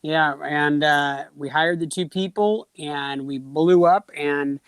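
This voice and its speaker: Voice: mid-range voice, slow, smooth, no echo. A podcast co-host chatting casually and teasing a colleague. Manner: teasing, joking.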